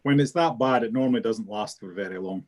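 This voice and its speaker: A man's voice: lowish voice, fairly quick, darkish tone. A man moderating a webinar on a video call, chatting casually, teasing the others and laughing often. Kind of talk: casual pre-webinar chat.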